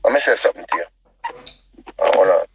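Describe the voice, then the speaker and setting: Man, Jamaican accent, preachy ranting host, rhetorical questions, breathy, dry sound. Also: low-pitched, lively intonation, fast, no echo, poor audio. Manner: preachy, repeats himself, asks rhetorical questions. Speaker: online show host. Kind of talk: ranting commentary.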